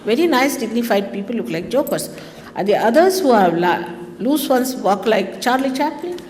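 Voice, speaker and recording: A woman's voice: a little high, normal speed, background noise. Woman teaching in a reverberant hall. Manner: lively, teasing, mocking asides. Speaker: spiritual teacher. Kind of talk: spiritual talk to followers. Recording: long reverb of a hall, faint ambience.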